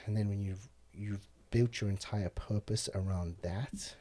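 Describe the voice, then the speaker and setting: Blunt, profane man with a mellow voice. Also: fairly low pitch, fairly even intonation, a little slow. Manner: blunt, profane, heated storytelling. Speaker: podcast guest. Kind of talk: casual conversation.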